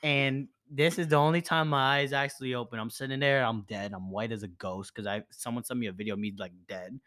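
A man's voice: mid-range voice, a little fast. Young man telling a wild party story. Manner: animated storytelling, lots of filler "like", swearing. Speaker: podcast host. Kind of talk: casual chat.

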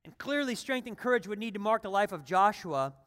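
High-voiced pastor preaching in a reverberant hall. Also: male voice, expressive, brisk, fairly bright tone. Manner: conversational, builds to emphatic runs. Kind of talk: sermon.

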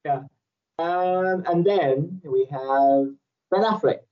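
A man's voice: fairly high pitch, expressive, measured pace. Rambling man chatting, dull lo-fi sound. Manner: rambling, laughs often, playful. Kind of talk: casual chat.

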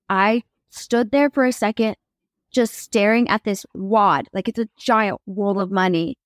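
A young adult woman, a podcast guest, telling a personal faith story with lively acted-out quotes. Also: medium pitch, dry recording, clean studio sound. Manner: animated, acts out quoted voices.

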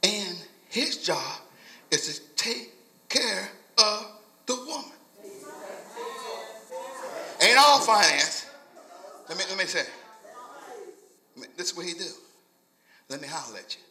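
A man's voice: high-pitched, very animated, slow pace, pauses often, bright, forceful tone, reverberant. A male pastor preaching a sermon in a rhythmic, repetitive call-and-response style with folksy vernacular phrasing. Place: church sanctuary.

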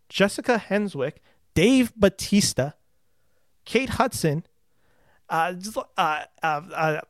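Young guy hosting a podcast, kinda high voice, dry close sound, rambles excitedly. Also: no room sound. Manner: enthusiastic, rambling with fillers. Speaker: podcast host. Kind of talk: casual chat about movies.

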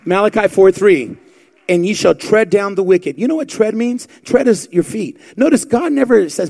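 High-pitched, gravelly preaching man. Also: lively intonation, normal speed, a little mellow. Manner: fervent preaching with rhetorical questions and quoted scripture. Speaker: pastor. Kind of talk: sermon.

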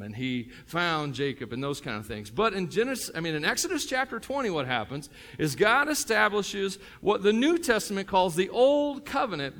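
A man's voice: high voice, fairly bright tone. A middle-aged man with a Tennessee accent, a pastor preaching a sermon in a joking, conversational way with many fillers and restarts.

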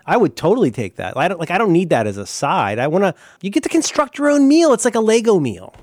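A podcast co-host, a man with a high, very lively voice who talks fast. He chats casually and animatedly, swearing and playing with words, and the sound is dry and close. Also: dry recording. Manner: animated, swearing, playful wordplay. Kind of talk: casual chat.

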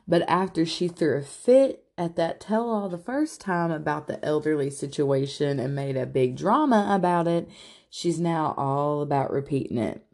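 A woman's voice: sits low, moderate pace, a little mellow. A woman casually recapping a reality show in a blunt, profane, gossipy manner.

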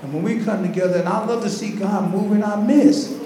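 Male pastor, high voice, fervent sermon delivery, echoey church hall recording. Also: brisk, warm tone. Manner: preaching with rising fervor and repetition. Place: large echoing church hall. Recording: very echoey church hall, faint background noise.

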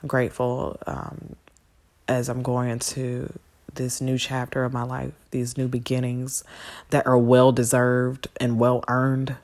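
A woman hosting a spiritual podcast, talking casually with sassy, animated asides. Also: a bass voice, measured pace.

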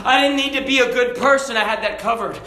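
Man, pastor, sermon, high voice, shouted and hushed by turns, roomy echo. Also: quick pace. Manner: swings from shouted preaching to quiet asides.

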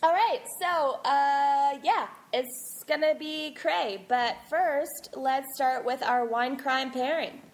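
A woman's voice: high voice, slow, few pauses. A woman co-hosting a casual podcast chat, chatty and often breaking into laughter between words. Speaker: podcast co-host.

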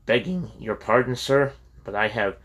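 A man reading the lines of a troubled young male college student who speaks quietly and respectfully. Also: mid-range voice, expressive, normal speed, husky. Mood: earnest.

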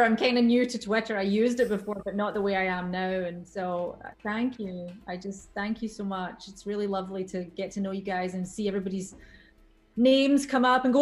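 A woman who works as a voice actress, a guest on a livestream over a video call, warm and effusive with a giggly way of talking. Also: medium pitch. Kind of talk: casual interview chat.

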